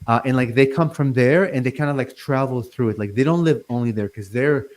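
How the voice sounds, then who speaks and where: A man's voice: medium pitch, a little fast, a little mellow. A man in his forties from Lebanon, a guest on an interview show, who stutters and leans heavily on fillers and restarts. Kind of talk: casual interview talk.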